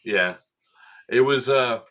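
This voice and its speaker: A man's voice: medium pitch, slow pace. A man chatting casually on a podcast, animatedly recounting a game and acting out what people said. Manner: animated storyteller, acts out quotes with laughs. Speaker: event staff member recounting a game.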